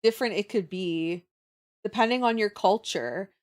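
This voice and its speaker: A young adult woman, chatting casually with her live viewers. She talks in an animated way, laughs often and answers viewer comments as they come in. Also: medium pitch, normal speed. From Canada. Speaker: livestreamer.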